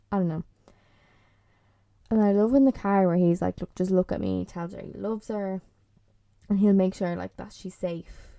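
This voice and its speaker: A woman's voice: medium pitch, vocal fry, mellow, no echo. A woman hosting a podcast, chatting casually and bluntly, swearing freely and filling her talk with "like" and "um". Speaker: podcast host. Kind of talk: casual solo chat reviewing a TV series.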